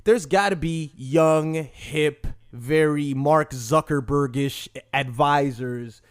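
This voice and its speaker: A young man co-hosting a podcast in casual, argumentative chat, swinging between loud and soft. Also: on the high side, slow pace, smooth. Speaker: podcast co-host.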